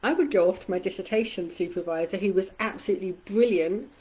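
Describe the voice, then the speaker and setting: Middle-aged woman coach with a warm, mellow voice. Candid and conversational, swears now and then. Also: fast, breathy edge, poor audio. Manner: acts out quoted voices with shifts in pitch and loudness. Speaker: community coach. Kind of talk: casual live-stream talk.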